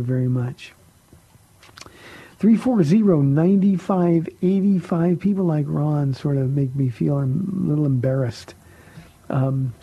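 A man's voice: medium pitch, gravelly, warm tone, husky, no echo, muffled recording. A middle-aged man, a pastor hosting a call-in radio show, answering Bible questions and telling stories with many fillers and restarts.

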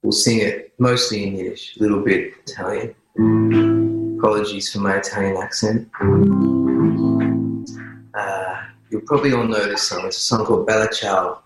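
A man in a relaxed, unhurried way casually introducing a song on his radio show. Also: fairly low pitch, loud music behind the voice. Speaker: radio host. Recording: echoey room, distant mic.

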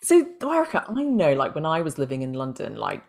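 A woman's voice: deep voice, huge pitch swings, brisk, gravelly, darkish tone. A woman hosting a podcast and interviewing a guest in a chatty, casual way, often using fillers. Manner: chatty, with frequent fillers like "like" and "you know". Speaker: podcast host and family doctor.

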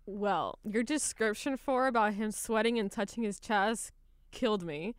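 A woman's voice: medium pitch, measured pace, smooth, dry recording, clean studio sound. A woman chatting casually on a radio show, amused and agreeable.

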